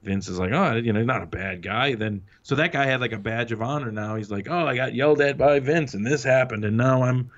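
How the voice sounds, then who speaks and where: This guest in a casual interview, a former wrestling writer, speaks at medium pitch and a fairly quick pace with barely any pauses. He tells stories, performs quotes in a raised voice, and swears freely. The sound is muffled and lo-fi.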